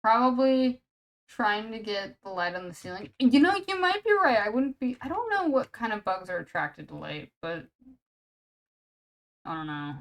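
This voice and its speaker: A woman's voice: mid-range voice, very animated, low-quality recording. A woman streaming casually while drawing commissions, rambling to chat and calling everyone "bro" and "man". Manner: rambling and chatty, says "bro" and "man" constantly; reacts to chat with quick laughs and exaggerated outbursts.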